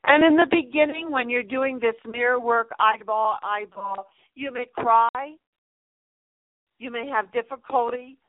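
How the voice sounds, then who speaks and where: A woman's voice: on the high side, measured pace, no room sound. A middle-aged woman hosting a radio advice show. She speaks emphatically, repeats key phrases and addresses her listeners fondly. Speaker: radio show host and numerologist. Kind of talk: inspirational radio advice talk. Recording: narrow phone-like line, dry.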